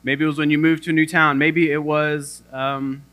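A young man preaching with a bright, forceful voice pitched a little high. He tells a funny story against himself, moving between jokes and earnest points as he speaks to his listeners. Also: little pitch movement, normal speed. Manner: humorous self-deprecating storytelling. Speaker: pastor. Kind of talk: sermon.

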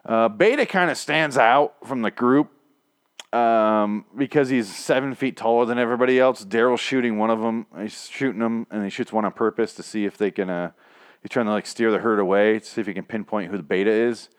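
A man's voice: lowish voice, a little fast, clean tone, no echo, studio quality. A man running a solo podcast, recapping a TV episode in a rambling, profane, self-mocking way.

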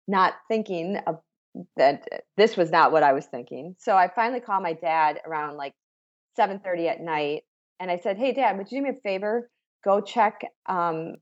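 A middle-aged woman telling her personal story as an interviewee, in a halting, emotional way with frequent restarts. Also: lowish voice, lo-fi sound. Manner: emotional, halting retelling with self-corrections.

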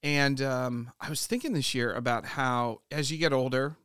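A middle-aged pastor hosting a casual conversation, telling stories in an animated way with many "uh"s. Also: male voice, mid-range voice, moderate pace, smooth, no room sound, clean studio sound. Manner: animated storyteller, warm laughs, fillers like "uh". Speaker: pastor and podcast host.

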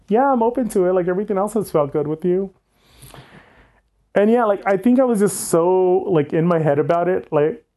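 A man's voice: a little high, vocal fry, dark tone. A young man telling a candid personal story, frank and often laughing, with many "like"s. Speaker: guest.

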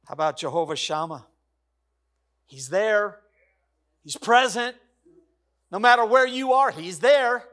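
Male pastor, middle-aged, high voice, emphatic sermon cadence, jumps from shouts to near-hush. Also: lively intonation, measured pace, long pauses. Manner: swings between loud exclamations and hushed soft passages; emphatic, repetitive preaching cadence.

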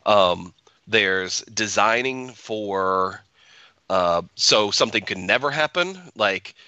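Bright, forceful brewer explaining step by step. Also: male voice, on the low side, lively intonation, takes it slowly, clean tone, no room sound, dull audio. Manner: methodical, explains step by step with fillers. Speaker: brewer and podcast co-host. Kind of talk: casual podcast chat.

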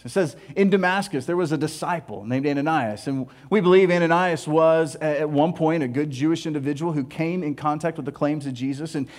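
A man preaching a sermon, animated, acting out scripture voices and dropping to hushed tones. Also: fairly high pitch. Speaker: pastor.

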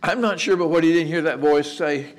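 A man's voice: a little high, a little fast. A man preaching a sermon in a conversational way, asking rhetorical questions and repeating words as he restarts. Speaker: pastor.

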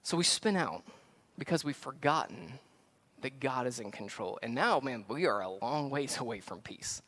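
A man preaching a conversational sermon as pastor, swinging from hushed reflection to loud, excited acted-out scenes. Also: medium pitch, moderate pace.

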